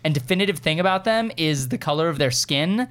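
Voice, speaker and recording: A man co-hosting a casual chat show, excitable and animated, talking fast with many restarts. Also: a little high, clean tone. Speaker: podcast co-host.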